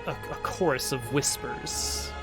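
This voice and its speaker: A man narrating as game master of a tabletop role-playing game, halting with many fillers and restarts. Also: mid-range voice, over loud music.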